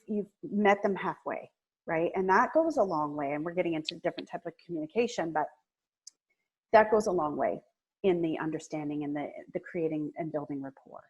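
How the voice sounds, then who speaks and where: A woman speaking as a guest on a video-call webinar, earnestly coaching listeners and acting out soft, empathetic phrases. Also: lowish voice, slightly rough, dull audio. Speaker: guest speaker, agency co-founder. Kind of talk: webinar talk on client communication.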